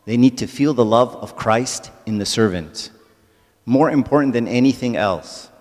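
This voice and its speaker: A man's voice: mid-range voice, moderate pace, a little mellow, big-room sound. A man giving a conversational church talk to a congregation, often checking in with "right?". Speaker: church speaker.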